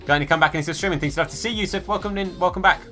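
This is live gaming stream chat: a man plays a football video game and casually talks with viewers, calling out their names. He speaks very fast in a high-pitched, pushed, bright voice over soft background music.

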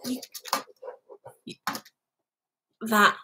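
A woman's voice: extremely slow, sharp tone, a little hiss or hum, poor audio. A woman hosting a live craft vlog, chatting casually and giggling as she reads out viewer comments. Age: adult parent. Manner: chatty and giggly, rambling asides.

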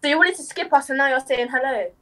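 High-voiced confrontational woman. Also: fast, bright, forceful tone. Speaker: stranger on video chat.

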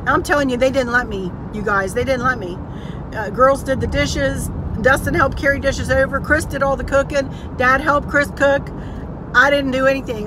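A woman telling a family story to her viewers in a casual chat, acting out what people said. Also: on the high side. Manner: chatty, storytelling, acts out quotes. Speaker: craft channel vlogger. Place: inside a car. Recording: noisy car interior. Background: car and road noise.

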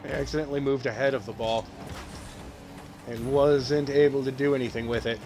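A man's voice: medium pitch, fairly even intonation, a little fast, darkish tone, slight background noise. A man casually commenting on a video game he is playing, breaking into playful mock-announcer calls and exclamations. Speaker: gamer doing play-by-play.

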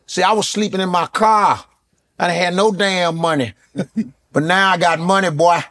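A man's voice: high voice, fairly even intonation, moderate pace, a bit bright. A man doing a swaggering older game-show host. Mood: boastful, threatening. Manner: drawling, calls people "boy", swaggering boasts. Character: brash older male game-show host, boastful, threatening.

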